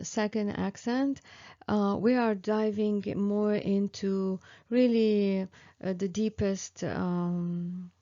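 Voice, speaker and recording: Slow, patient woman teaching pronunciation. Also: mid-range voice, mellow, muffled recording. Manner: slow and patient, with many fillers and repeated examples. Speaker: French teacher. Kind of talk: online language lesson.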